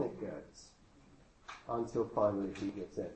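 Male preacher, mellow tone, chatty sermon with wry asides, echoey room with faint hiss. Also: medium pitch, expressive, moderate pace, lo-fi sound. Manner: conversational with rhetorical questions and dry humor.

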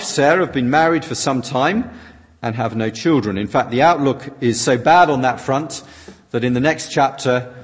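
A man's voice: mid-range voice, slightly rough. A man preaching a sermon that is interpreted line by line, reading his quotations out dramatically. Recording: long reverb of a large hall.

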